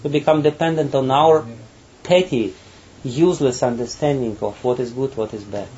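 Laughing, halting man giving a spiritual talk. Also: medium pitch, darkish tone. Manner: halting, repeats words, laughs often. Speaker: spiritual teacher. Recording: dull, faint background noise.

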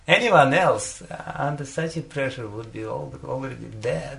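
A man's voice: mid-range voice, lively intonation, fairly quick, creaky, fairly bright tone. A man giving a devotional talk as a spiritual teacher, telling a story and often chuckling between phrases, with frequent "you know" fillers.

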